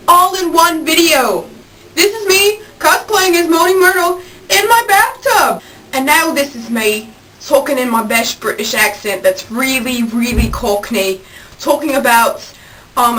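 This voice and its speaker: A woman vlogging casually, talking in an excitable way and jumping from topic to topic, recorded on a camera on a tripod. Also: high-pitched, far from the mic, low-quality recording. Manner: excitable, jumps between topics. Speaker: YouTube vlogger. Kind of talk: rambling casual vlog.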